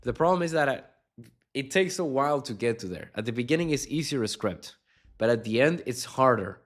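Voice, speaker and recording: A man's voice: medium pitch, lively intonation, brisk. A man coaching on sales in an unscripted video lesson, blunt and swearing constantly, with punchy emphatic delivery.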